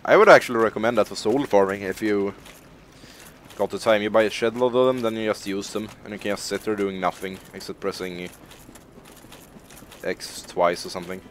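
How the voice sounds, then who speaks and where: A young male gaming streamer rambles through live commentary, laughing, swearing and poking fun at himself. His voice is fairly low and steady, and he talks briskly over a faint hiss or hum.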